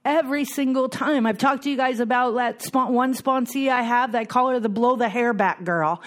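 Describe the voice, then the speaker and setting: Woman, middle-aged, slightly high pitch, heartfelt group talk, repeats phrases for emphasis. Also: normal speed. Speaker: speaker at a recovery meeting.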